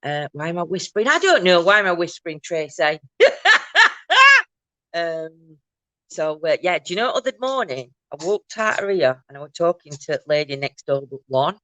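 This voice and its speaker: A woman chats her way through a casual morning livestream at home, greeting viewers one by one. Her laugh is big and loud. The sound is close and dry, with no room echo. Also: fairly low pitch, very animated, brisk. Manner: chatty, greets viewers by name, laughs loudly. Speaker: livestream host.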